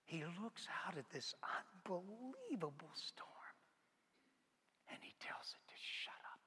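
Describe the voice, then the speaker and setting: A blunt, hot-tempered fisherman apostle, played by a preacher tells his story in a high, bright voice. He lurches from loud outbursts to hushed whispers. A long reverb trails each line. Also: expressive, normal speed, heavily acted. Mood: hushed awe.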